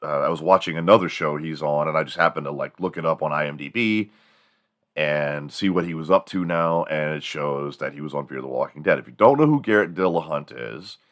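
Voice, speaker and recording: A man's voice: a bass voice, brisk, a bit bright. A man from the United States rambling through a casual, profane comedic monologue as a show host. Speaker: podcast host.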